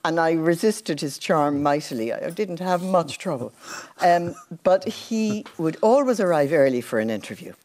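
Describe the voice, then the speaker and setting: An older Irish woman, a former television journalist, telling anecdotes in a relaxed interview. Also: deep voice, normal speed. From Ireland. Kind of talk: casual storytelling.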